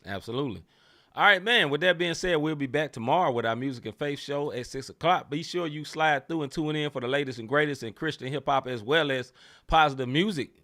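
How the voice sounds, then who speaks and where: A man's voice: a little high, brisk, pushed and bright. A man co-hosting a casual sports talk podcast, speaking emphatically with slang and repeated phrases. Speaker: podcast co-host.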